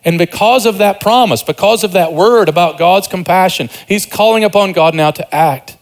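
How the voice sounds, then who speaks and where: A man's voice: high voice, normal speed. Earnest man preaching a sermon. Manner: earnest preaching, rising emphasis then quiet asides. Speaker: pastor.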